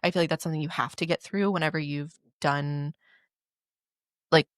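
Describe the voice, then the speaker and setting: A woman's voice: deep voice, fairly even intonation, normal speed, no echo, studio quality. A woman co-hosting a casual podcast chat, talking in a loose, filler-heavy way and acting out remembered quotes. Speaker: podcast co-host.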